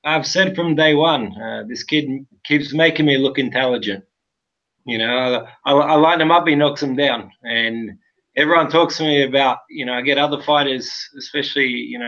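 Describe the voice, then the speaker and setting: A man's voice: medium pitch, sharp tone. A man, a boxing matchmaker, answering interview questions confidently. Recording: dull lo-fi sound.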